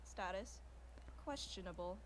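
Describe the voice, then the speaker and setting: A woman's voice: medium pitch, animated, a little slow, lightly acted, rough recording. A woman voicing a clipped, formal young soldier. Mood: curt. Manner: clipped, precise. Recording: clip with clear background noise.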